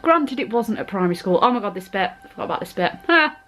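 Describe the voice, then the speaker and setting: A woman's voice: mid-range voice, very animated, fast, a bit bright, soft background music, rough recording. A young woman talking through a scary film as a vlogger, gasping, squealing and chatting in a casual reaction vlog.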